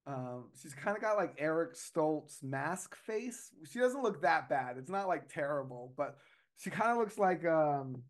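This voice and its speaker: A man's voice: fairly high pitch, lively intonation, unhurried. A man in casual podcast chat, telling a story in a rambling, hesitant way with many fillers and restarts.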